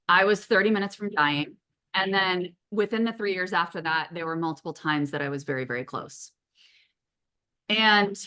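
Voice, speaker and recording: A middle-aged woman hosting a casual podcast, an animated storyteller who talks openly and swears now and then. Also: on the low side. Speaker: podcast host.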